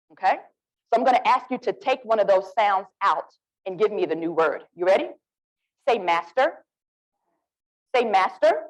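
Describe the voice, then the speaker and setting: A woman with an Alabama Southern accent, leading a lively, interactive literacy workshop and coaxing the audience to join in. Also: medium pitch, low-quality recording. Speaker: literacy presenter.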